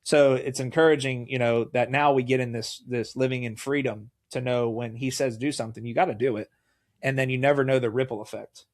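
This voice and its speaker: Man telling animated faith stories. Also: mid-range voice, a little fast. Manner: animated storyteller, acts out quoted dialogue. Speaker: guest, mayoral candidate. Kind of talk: casual faith conversation.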